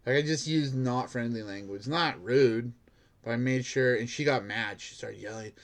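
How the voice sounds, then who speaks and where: A man's voice: mid-range voice, normal speed. A man who works as a bank security guard, telling a rambling story in a casual monologue, filled with "like" and laughing at himself.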